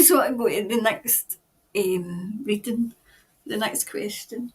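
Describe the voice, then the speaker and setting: A woman's voice: mid-range voice, slow pace. A Scottish woman hosting a tarot reading video, emotional and stopping often to compose herself. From Scotland. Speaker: tarot reader host.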